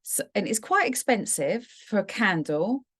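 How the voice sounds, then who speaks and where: This middle-aged Englishwoman co-hosts a podcast, and her medium-pitched voice is expressive and unhurried with a breathy edge. In a casual chat she tells a personal story warmly and from the heart, and it turns emotional.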